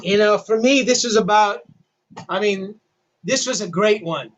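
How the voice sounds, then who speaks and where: A man's voice: sits high, unhurried, fairly bright tone, lo-fi sound, slight background noise. An older male rock journalist telling a story animatedly, with self-deprecating humor. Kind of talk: storytelling interview.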